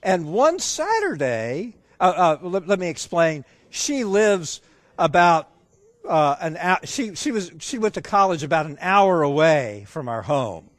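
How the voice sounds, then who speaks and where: Guy preaching, high voice, slow and easy pace, keeps asking the crowd stuff. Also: big pitch swings, no room sound. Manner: engaging, asks the audience questions; acts out dialogue in the story. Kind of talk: sermon with a personal story.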